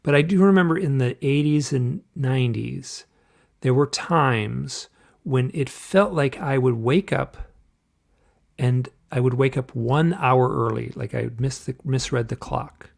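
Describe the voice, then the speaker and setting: A man's voice: medium pitch, unhurried, creaky. A man as an author guest in a casual interview, rambling and searching for words over a video call.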